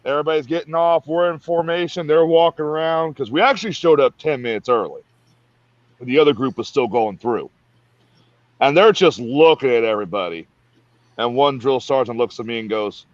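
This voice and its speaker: A man's voice: mid-range voice, a little fast, no echo, lo-fi sound. A man telling a profane army story in casual podcast chat. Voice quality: profane, animated.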